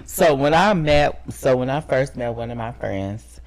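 A man co-hosting a podcast, chatting casually and telling animated stories. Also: medium pitch, measured pace, gravelly. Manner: animated storyteller, drops into quoted voices. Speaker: podcast co-host.

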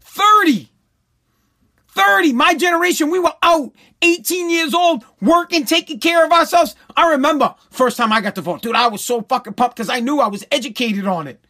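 A man's voice: very high voice, lively intonation, a little fast, a bit bright. A middle-aged man ranting bluntly and profanely, hammering each point with short repeated phrases as a talk host. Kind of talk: profane political rant.

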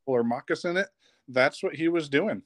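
A man, a guest on a podcast, tells a funny camp story in a lively, casual way and laughs as he goes. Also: fairly high pitch, normal speed, a little hiss or hum. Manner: lively, laughs while telling stories.

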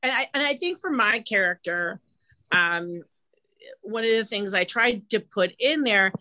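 A middle-aged woman guest talks through her stories with animated energy. Her voice sits in a middle pitch and keeps bouncing as she builds each anecdote. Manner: animated, quick storytelling with lively vocal swings. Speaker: guest actress. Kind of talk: casual interview storytelling.

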